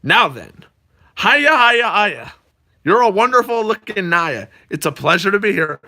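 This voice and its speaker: A man voicing a nervous, eager male bear comedian with a high, goofy voice. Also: sing-song, measured pace, sharp tone, heavily acted.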